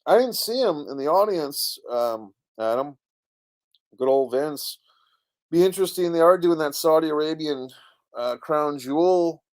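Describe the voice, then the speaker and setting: A man's voice: on the high side, expressive, measured pace, a little mellow. Rambling male live-stream host. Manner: rambling, talks to viewers and reads their comments aloud. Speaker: online show host reading chat comments. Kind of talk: casual live-stream rant.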